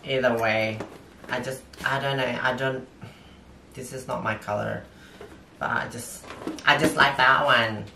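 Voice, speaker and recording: A man with a non-native English accent, talking through an unboxing haul as a vlogger in halting, hesitant English full of fillers. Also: medium pitch, fairly even intonation, creaky, sharp tone. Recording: roomy echo, distant mic, faint noise.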